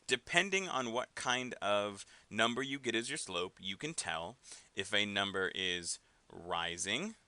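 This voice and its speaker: Casual man teaching math, crisp dry voice. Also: fairly low pitch, expressive, measured pace, bright, forceful tone, dry recording. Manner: casual, with frequent fillers and tag questions. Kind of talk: recorded classroom lesson.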